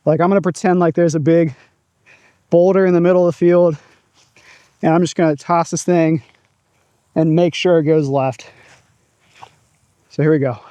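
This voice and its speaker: Man, casual outdoor vlogger, chatty and upbeat, warm dry voice. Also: on the high side, steady tone, moderate pace, long pauses, dry recording. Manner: upbeat, chatty, narrating his own throws. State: out of breath at times. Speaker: disc golf vlogger. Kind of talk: casual outdoor vlog commentary. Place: open field outdoors.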